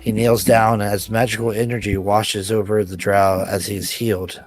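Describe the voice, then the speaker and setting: A man's voice: lowish voice, level tone, normal speed, few pauses, no room sound, faint music behind. A man narrating a tabletop game as game master, telling the scene with vivid description. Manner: descriptive storytelling, laughs between scenes.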